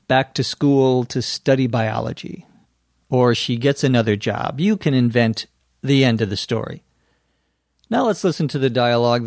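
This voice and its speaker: A male English teacher explains phrases in a careful, deliberate way. He speaks very slowly at a mid pitch. The recording is dry and close, like a studio mic. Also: no echo. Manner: slow, careful, deliberate delivery.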